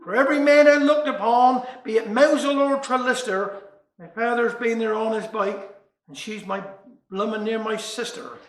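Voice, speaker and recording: A man's voice: extremely high pitch, normal speed, reverberant. A man with a Cornish accent voicing an earnest, lovesick young lad in dialect verse.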